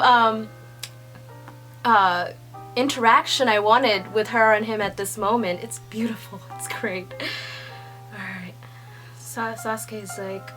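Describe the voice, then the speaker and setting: Excitable young woman reacting, swearing. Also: fairly high pitch, takes it slowly, pauses often, soft background music, poor audio. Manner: excitable, swearing, laughing, swinging between hushed reading and squeals. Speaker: manga reaction reader. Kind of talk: casual read-along reaction.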